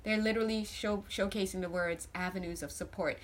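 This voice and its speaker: A woman's voice: mid-range voice, fairly even intonation, fairly quick, slight background noise. A woman giving a casual spiritual tarot reading to camera, chatty and joking with viewers, often restarting her sentences. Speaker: tarot reader.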